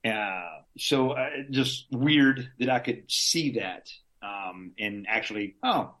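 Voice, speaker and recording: Speaking slowly, a laid-back male veteran shares stories as an army guest, full of slang, the occasional curse, and chuckles. His lowish, slightly bright voice has lively intonation.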